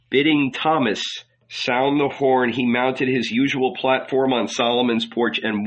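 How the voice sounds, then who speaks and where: A man narrating an audiobook in a measured, deliberate reading. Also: medium pitch. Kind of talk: scripted narration. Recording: dull lo-fi recording.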